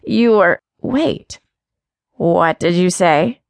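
A woman voicing a scornful old female alley cat with a deep, raspy, taunting voice and a slow sing-song delivery. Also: animated, dry recording, studio quality, full character voice.

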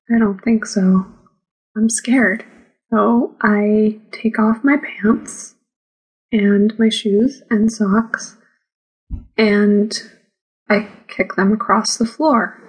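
A woman narrating a first-person memoir audiobook in a slow, measured reading. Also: mid-range voice, husky, poor audio.

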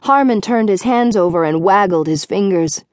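A woman with a medium-pitched voice narrates a scripted audiobook in a measured, even storytelling manner. The recording is studio quality with no echo.

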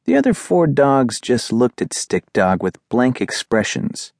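Man, children's audiobook narration, expressive lively pitch, dry close studio sound. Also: a little slow, creaky, dry recording. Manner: expressive storytelling.

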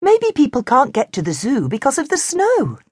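Brief: woman playing a small cheeky fairy penguin girl, storybook, teasing and a bit higher. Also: wildly swooping pitch, normal speed, a little mellow, no room sound, studio quality. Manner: teasing, whispering at times.

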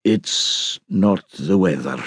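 Man doing an awkward bank clerk, slow halting speech, gloomy, audiobook reading. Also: mid-range voice, big pitch swings, husky, dry recording, studio quality, voice pushed up, full character voice. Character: shy, awkward middle-aged male bank agent.

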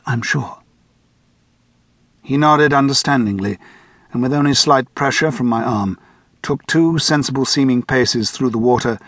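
A man narrating an audiobook in the first person, measured and steady, close to the mic. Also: mid-range voice, breathy edge, no echo. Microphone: close studio mic.

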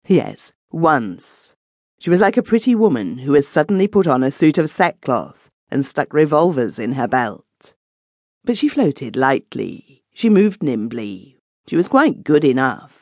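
A woman voicing a thoughtful man who tells a grim tale in a measured, sober way. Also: low-pitched, big pitch swings, darkish tone, dry recording, heavily acted. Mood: musing.

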